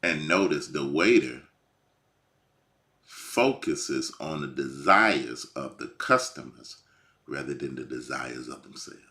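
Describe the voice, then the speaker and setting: A man preaching informally, swinging from hushed lines to near shouting. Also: rumbling low, lively intonation, takes it slowly. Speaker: bible teacher.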